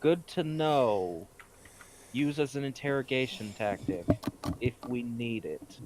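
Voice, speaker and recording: A man's voice: mid-range voice, animated, slow, very noisy. A man playing a tabletop game in a matter-of-fact way with dry humor. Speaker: player.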